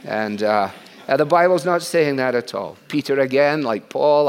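A man's voice: medium pitch, moderate pace, clear, resonant tone. Earnest conversational male preacher. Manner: earnest and conversational, with frequent "uh" and rhetorical questions. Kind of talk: expository sermon.

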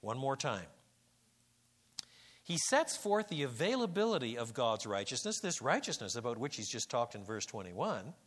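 Animated man teaching Bible verses. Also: medium pitch, moderate pace. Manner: animated, repeats words and restarts, rises to emphatic peaks. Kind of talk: expository Bible lecture.

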